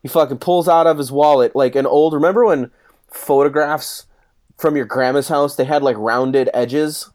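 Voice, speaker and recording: Speaking at a moderate pace, this man in his thirties has a fairly high-pitched voice. In a casual chat he relates a rowdy story, cursing freely and performing what other people said.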